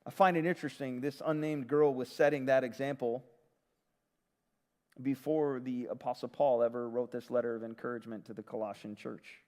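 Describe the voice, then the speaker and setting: A man preaching a sermon as pastor, retelling a story in a conversational, lively way. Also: medium pitch, a little fast, long reverb tail.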